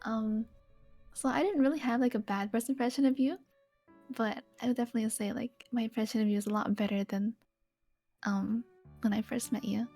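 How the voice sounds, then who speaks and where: Giggly husky woman guest streamer. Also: fairly high pitch, fairly even intonation, brisk, mellow, soft background music. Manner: giggly, hesitant with many "um"s. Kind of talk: casual chat.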